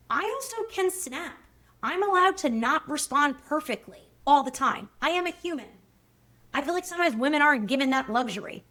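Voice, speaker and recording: A woman's voice: high voice, sharp tone. A woman hosting a solo podcast, talking frankly and reflectively, answering listener questions in a candid monologue. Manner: frank, self-reflective, swears casually. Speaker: podcast host.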